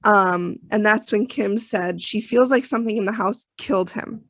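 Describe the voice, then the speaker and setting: A woman co-hosting a podcast, talking in a casual, emotional way with lots of fillers and restarts. Her voice is mid-pitched with a gravelly fry. The sound is dry and close. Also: moderate pace, fairly bright tone, dry recording. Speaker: podcast co-host recapping an episode. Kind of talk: casual chat.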